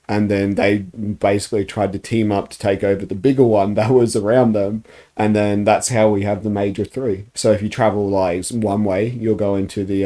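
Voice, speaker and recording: Laid-back Australian man with a mellow voice. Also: lowish voice. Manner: casual, swears freely, animated anecdotes. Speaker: podcast co-host. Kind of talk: casual chat, storytelling.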